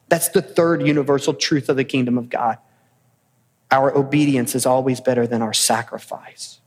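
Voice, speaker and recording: A pastor preaching a sermon in a pointed, challenging way, with rhetorical questions and casual asides. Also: male voice, medium pitch, fairly even intonation, normal speed, darkish tone, in a large hall. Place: church sanctuary.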